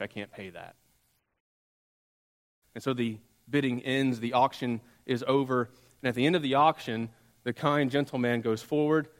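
Guy preaching a sermon, tells it slow with soft quiet drops, big echoey church sound. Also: mid-range voice. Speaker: pastor. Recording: long hall reverb.

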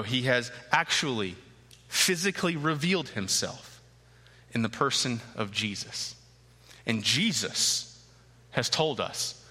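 A man preaching a sermon as pastor, emphatic and repeating key phrases with slow, deliberate stresses. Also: medium pitch, bright, forceful tone, husky, long reverb tail. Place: church sanctuary.

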